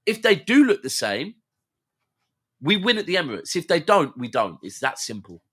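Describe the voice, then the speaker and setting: A man's voice: a little high, sing-song, moderate pace, a bit bright, breathy edge. A man, a co-host in a casual football chat, talking bluntly in slang and laughing along often. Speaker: podcast co-host.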